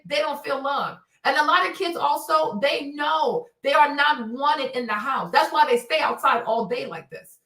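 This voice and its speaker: A woman's voice: high-pitched, pushed and bright, reverberant, distant mic. A woman giving a live-stream commentary monologue, impassioned and preachy, repeating her points for emphasis.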